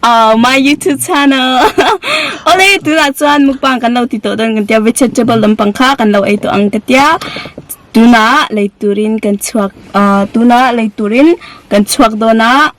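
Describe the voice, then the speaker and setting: A woman's voice: on the high side, normal speed, a little hiss or hum. A young woman hosting a casual couple prank vlog, switching between English and her own language and laughing often. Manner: mixes English with local language, giggly. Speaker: YouTube vlogger.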